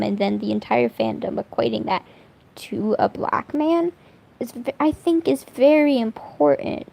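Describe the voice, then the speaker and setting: Young woman streamer, casual chatty rambler with a little vocal fry, slow delivery. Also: fairly high pitch, rough recording. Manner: rambling, animated, swears a lot, laughs often. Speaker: streamer drawing fan art. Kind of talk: casual chat while drawing.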